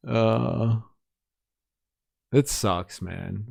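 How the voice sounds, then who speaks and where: A Western Sydney man from Australia takes his time on a live stream, his lowish, dark voice touched with vocal fry. In this casual reaction chat he's sarcastic and teasing, swearing frequently, recorded with clean studio sound and no echo.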